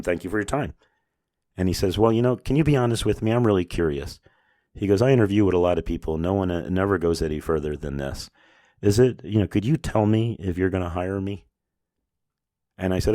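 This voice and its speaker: A man's voice: deep voice, a little mellow, no echo, clean studio sound. A middle-aged man hosting a podcast, telling a story in a casual way and acting out both sides of the conversations. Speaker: business owner hosting a podcast.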